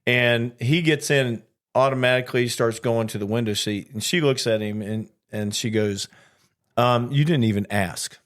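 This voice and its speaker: A man's voice: medium pitch, fairly even intonation, moderate pace, fairly bright tone. A man co-hosting a casual chat podcast, telling stories animatedly and acting out the exchanges he quotes. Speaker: podcast co-host, flight attendant.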